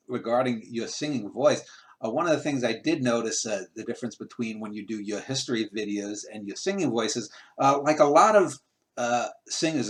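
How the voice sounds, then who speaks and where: A man hosting a video-call interview, asking questions in a halting, casual way full of uh fillers. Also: mid-range voice. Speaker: interviewer host.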